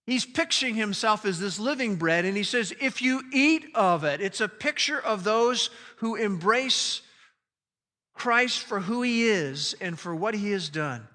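A man preaching a sermon, slowing down and stressing key phrases with emphatic delivery. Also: sits high, expressive, sharp tone, long reverb tail. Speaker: pastor.

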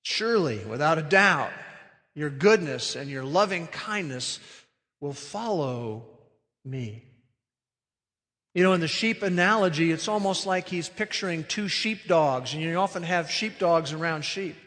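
A man's voice: on the high side, animated, a little slow, fairly bright tone, big-room sound. A man preaching a sermon as pastor, earnest and emphatic, stretching out key phrases.

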